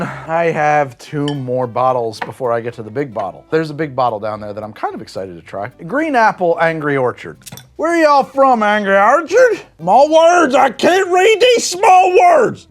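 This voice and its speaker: A man hosting a comedic cider tasting review, sarcastic and scolding the drinks directly as if they could hear him. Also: mid-range voice. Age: adult, says he is not that old. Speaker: drinks show host.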